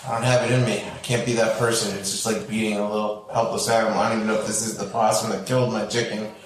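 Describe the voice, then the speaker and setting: Male podcast host, lively storyteller who acts out every voice; roomy, distant recording. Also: quick pace. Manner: acts out voices with big swings in pitch. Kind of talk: animated storytelling in casual chat. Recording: roomy and off-mic.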